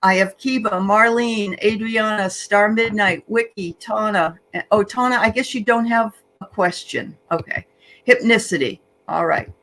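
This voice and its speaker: A woman co-hosts a casual livestream and greets viewers one by one. She talks in a chatty way with plenty of fillers. Her voice sounds bright and forward at an ordinary pitch. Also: a little slow, low-quality recording. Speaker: livestream co-host.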